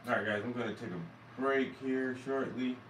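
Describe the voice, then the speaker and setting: A man's voice: mid-range voice, normal speed, reverberant, distant mic, a little hiss or hum, low-quality recording. A man from South Carolina with a Southern accent, rambling and swearing as he talks casually to his viewers. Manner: rambling, profane, self-amused. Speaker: vlogger and musician. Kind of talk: casual talk to camera.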